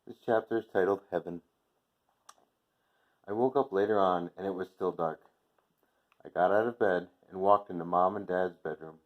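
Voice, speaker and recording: A male teacher reading a storybook chapter aloud to his class, gentle and unhurried, with softly voiced dialogue. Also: deep voice, fairly even intonation. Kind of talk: read-aloud storybook narration. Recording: dull lo-fi recording.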